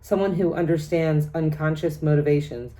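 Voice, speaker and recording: A chatty middle-aged woman talks through a tarot spread for her viewers. Her voice sits low, and she rattles off each card's meanings in long lists, breaking into laughs between them. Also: fairly even intonation, moderate pace, warm tone. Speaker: tarot reader. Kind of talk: casual tarot reading vlog.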